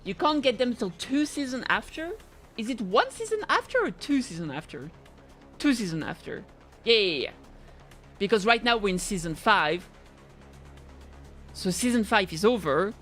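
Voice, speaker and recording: A woman streaming a game, chatting in an excitable, rambling way, swearing and reading game lines aloud. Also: medium pitch, normal speed, pauses often, soft background music. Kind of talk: casual gameplay chat.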